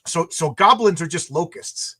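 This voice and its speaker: Casting: man, podcast host, tense bright tone, a touch high, rambling with restarts. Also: animated, normal speed. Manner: rambling, enthusiastic, many restarts. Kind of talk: casual conversation.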